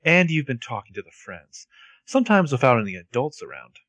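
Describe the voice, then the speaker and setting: A man's voice: mid-range voice, sing-song, a little fast, fairly bright tone, no room sound. A man voicing a defensive middle-aged father in a casual podcast role-play reading, answering curtly.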